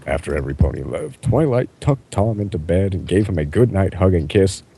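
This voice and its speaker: Deep husky man reading aloud. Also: fairly quick. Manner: deadpan delivery breaking into laughter. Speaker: reader. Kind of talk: reading absurd fan fiction aloud.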